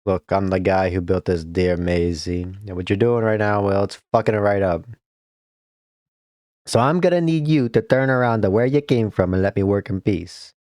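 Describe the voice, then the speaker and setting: Cruel old male ghost, gruff and gloating, as a gamer puts him on; low voice, dead-dry. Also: moderate pace, a little mellow, no echo, natural voice. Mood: sneering. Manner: gruff, sneering, mocking. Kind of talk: game character voice.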